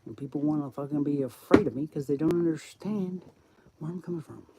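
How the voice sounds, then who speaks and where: A man's voice: a little high, brisk, very noisy. A man talking on a live stream in a rambling, profane monologue that jumps from topic to topic.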